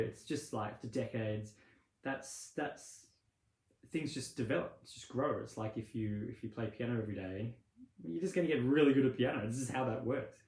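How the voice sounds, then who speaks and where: A male meditation teacher talks loosely and conversationally, wandering between points and acting out little imagined exchanges. His voice sits at an ordinary middle pitch. The recording carries a noticeable roomy echo. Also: darkish tone. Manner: rambling and conversational, acts out little scenes with laughs. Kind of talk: casual spoken teaching.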